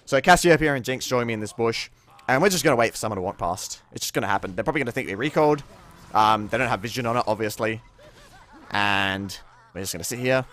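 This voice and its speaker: Casual gameplay commentary comes from a young man talking fast in a mid-range voice, easygoing and swearing freely, punctuated by sudden excited outbursts.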